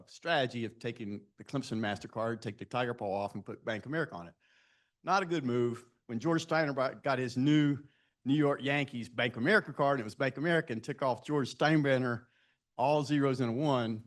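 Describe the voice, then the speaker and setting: A man in his sixties speaking to students at a live event, telling self-deprecating career stories and asking the audience direct questions. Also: mid-range voice. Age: 60s. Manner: anecdotal, self-deprecating storytelling.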